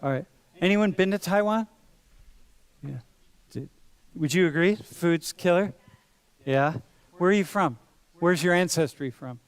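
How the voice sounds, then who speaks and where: A male professor with a high, clear and resonant voice teaches at an unhurried pace in a large lecture hall. His manner is relaxed and joking, and he calls students dude and bro.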